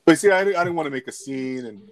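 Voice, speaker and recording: A man's voice: fairly high pitch, animated, quick pace, dry recording. A man in casual chat, retelling an anecdote in a rambling way, repeating words and acting out quotes.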